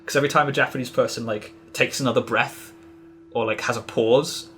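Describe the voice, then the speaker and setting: A man's voice: mid-range voice, steady tone, fairly quick, a bit bright. Guy rambling thru an explanation on a podcast, lots of restarts, faint hiss behind. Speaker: podcast guest. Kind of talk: casual podcast conversation.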